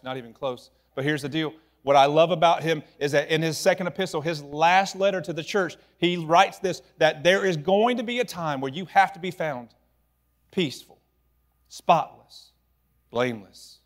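A male preacher with a drawl, his voice sitting a touch higher than most men's. He delivers a sermon in a church as animated, conversational storytelling, often dropping to near quiet for effect. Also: fairly quick. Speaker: pastor.

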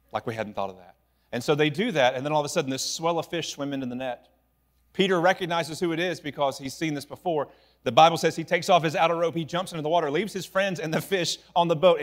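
Animated preacher man. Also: on the high side. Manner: animated, conversational storytelling with sudden drops to quiet. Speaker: pastor. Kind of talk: sermon. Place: church.

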